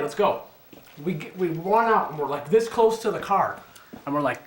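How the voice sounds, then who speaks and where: A man's voice: fairly high pitch, moderate pace. A man in his twenties telling a story casually and with a lot of swearing, acting out what other people said. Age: 20s. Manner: animated, profane, acts out other people's lines. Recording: echoey room.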